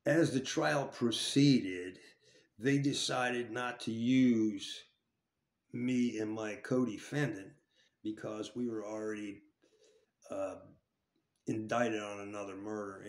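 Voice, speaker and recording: Speaking slowly in a fairly low, steady voice, a man tells a casual jail story full of swearing and restarted sentences. The room sounds echoey.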